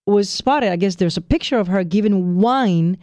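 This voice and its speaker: High-voiced man telling stories casually. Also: moderate pace, no room sound. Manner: animated storyteller, acts out quotes in a higher voice. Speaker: podcast co-host. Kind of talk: casual chat.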